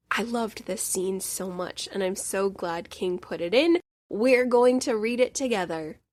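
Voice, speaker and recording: A woman hosting a book review podcast, talking in an earnest, deeply emotional way into a close mic. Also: no room sound. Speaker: podcast host.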